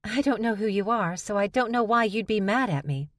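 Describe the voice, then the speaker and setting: A woman's voice: mid-range voice, animated, brisk, no echo, clean studio sound, voice pushed up, close to an everyday voice. A woman doing a blunt, oblivious young shifter woman.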